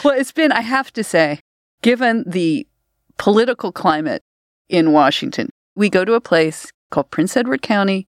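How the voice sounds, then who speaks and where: A woman's voice: mid-range voice, animated, moderate pace, no room sound, clean studio sound. A middle-aged woman from Canada co-hosting a podcast, telling stories in a chatty way and laughing often. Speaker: podcast co-host. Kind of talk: casual chat. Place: studio.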